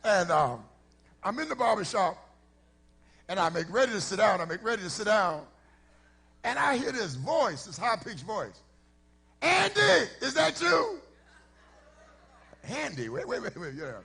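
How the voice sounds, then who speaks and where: A middle-aged man, a pastor, telling a story in a sermon before his congregation, shifting from easy conversational talk to shouted preaching. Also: high-pitched, very animated, normal speed, gravelly, breathy edge. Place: church sanctuary before a congregation.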